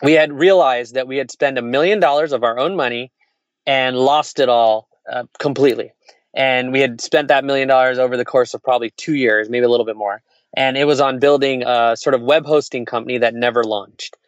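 A man's voice: mid-range voice, steady tone, brisk, no echo, lo-fi sound. A man who is an entrepreneur tells candid stories in casual conversation, with restarts and quoted dialogue. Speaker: entrepreneur guest.

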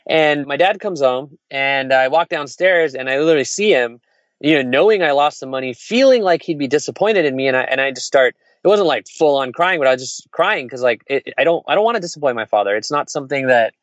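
A man in his forties, an entrepreneur, telling a personal story in casual conversation, frank and quick with restarts and laughs. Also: medium pitch, expressive, dry recording, muffled recording. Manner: fast, candid, laughs and restarts often. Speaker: entrepreneur, podcast guest.

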